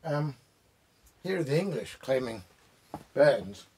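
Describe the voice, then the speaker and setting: A man's voice: medium pitch, very animated, a little mellow, a little hiss or hum. A man, a poet, chatting casually in his home study lined with books, rambling through digressions and restarts as he introduces poems. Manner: pausing for pipe and drinks while talking. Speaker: poet hosting a reading.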